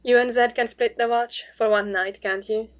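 A woman's voice: a little high, normal speed, natural voice. A woman playing a tender, protective companion. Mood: reassuring. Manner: soft, reassuring, steady.

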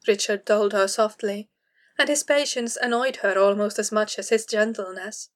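A woman reads a story aloud in a measured, steady way, like an audiobook narrator. Her voice sits at a middling pitch for a woman. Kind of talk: audiobook reading of fan fiction.

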